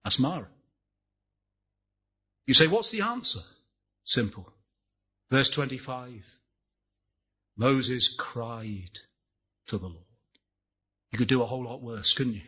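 A man's voice: mid-range voice, takes it slowly, pauses often, slightly rough. Impassioned preacher man, muffled recording. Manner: impassioned, rising and falling delivery with rhetorical questions. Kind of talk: sermon.

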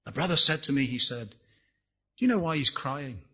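A man's voice: medium pitch, expressive, moderate pace, husky, highs cut off. A man preaching a sermon, impassioned, rising and falling, asking the congregation rhetorical questions.

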